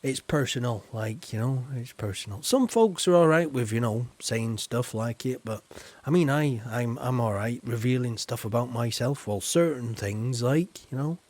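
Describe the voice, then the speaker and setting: A man's voice: medium pitch, expressive, moderate pace, darkish tone, dry recording. A man hosting a live game stream, chatting casually and rambling with lots of fillers and restarts while teasing his viewers. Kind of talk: casual live-stream chat over gameplay.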